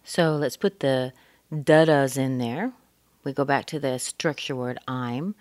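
A low-pitched woman coaches pronunciation at an unhurried pace. She repeats each sound and word slowly to demonstrate it, and the recording is close and dry. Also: darkish tone, no room sound. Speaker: accent coach. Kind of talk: pronunciation lesson.

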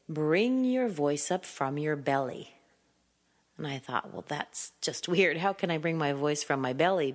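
A woman from California, an accent trainer teaching English pronunciation with a clear, deliberate delivery, showing each point with her own voice. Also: low-pitched, in a large hall.

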